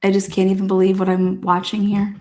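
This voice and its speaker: A woman's voice: medium pitch, completely flat delivery, fairly quick, warm tone. A woman hosting a trial commentary, reacting to courtroom video with constant swearing, laughter and outrage.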